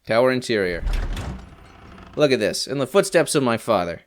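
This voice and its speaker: Guy narrating his game run, big swings in pitch, grumbly asides. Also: sing-song, moderate pace, slight background noise. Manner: rambling, exasperated asides. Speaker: let's play host. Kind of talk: casual gameplay commentary.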